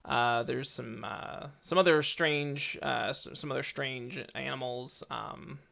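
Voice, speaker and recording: A man narrates a tabletop session as its game master, his voice gravelly with fry and bright in tone. He stumbles through fillers and restarts as he describes the scene, laughing often. The audio is dull and lo-fi. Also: mid-range voice, slow.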